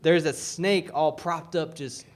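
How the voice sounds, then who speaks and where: A man's voice: on the high side, fairly even intonation, slow pace. Rambling man telling a story. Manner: rambling, many likes and restarts. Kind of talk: casual storytelling chat.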